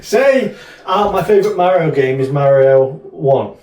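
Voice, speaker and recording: A man on a casual podcast, teasing his co-host with dry quips and easy laughter. His pitch moves around a lot. It sounds roomy, with him sitting a little back from the mic. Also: lively intonation, unhurried, darkish tone, recorded from a distance. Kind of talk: casual chat.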